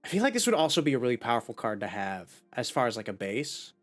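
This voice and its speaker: A streamer giving casual let's-play commentary, chatty and thinking out loud with many restarts. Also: mid-range voice, sing-song, fast, faint music behind.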